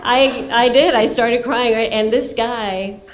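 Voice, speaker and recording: A woman's voice: fairly high pitch, fairly even intonation, slow, crowd noise. A woman filmmaker telling a candid, self-mocking story on a festival panel and laughing as she talks.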